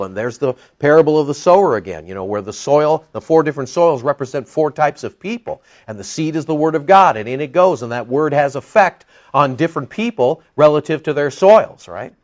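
Animated man preaching a rambling sermon. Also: on the high side, fairly quick, few pauses. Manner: animated storytelling, rambling with asides. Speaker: pastor. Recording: dull lo-fi recording.

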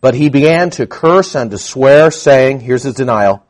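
A man's voice: medium pitch, animated, measured pace, hardly any pauses, a little mellow. A man preaching a conversational sermon to a congregation, teaching with frequent asides and questions. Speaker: pastor.

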